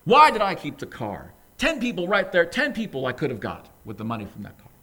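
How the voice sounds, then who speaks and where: A preacher acting out a grief-stricken middle-aged man, anguished and pleading. he circles back on himself again and again, his voice climbing high as each regret rushes out, all delivered within a spoken sermon retelling. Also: huge pitch swings, bright, forceful tone, heavily acted.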